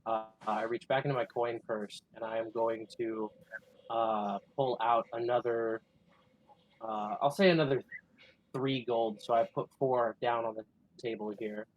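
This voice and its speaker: A man playing in a tabletop game, talking through his character's moves with lots of fillers and careful, tentative phrasing. His voice has an ordinary middle pitch. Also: measured pace, lo-fi sound. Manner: filler-heavy, tentative, bursts of excitement at rolls. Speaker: player.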